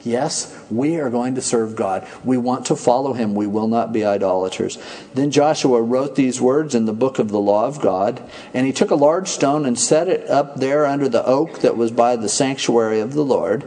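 A man preaching a sermon in a conversational, animated storytelling manner. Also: medium pitch, moderate pace. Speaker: pastor.

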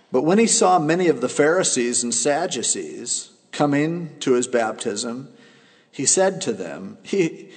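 A man preaching a sermon as a pastor, explaining scripture in a casual, plain-spoken way. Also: medium pitch. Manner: conversational, explains scripture in plain everyday terms. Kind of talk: expository sermon. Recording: long reverb of a large hall.

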